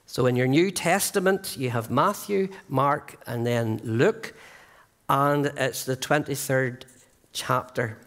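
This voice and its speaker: A man preaching an evangelistic sermon in a church, earnest and emphatic, slowing down to stress key phrases. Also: medium pitch, a bit bright. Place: church sanctuary.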